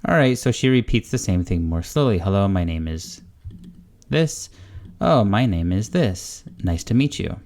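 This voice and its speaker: A young man hosting a casual tutorial, chatty and relaxed, thinking aloud as he clicks through a lesson. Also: low voice, moderate pace, few pauses. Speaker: language-learning channel host. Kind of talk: casual screen-recorded tutorial.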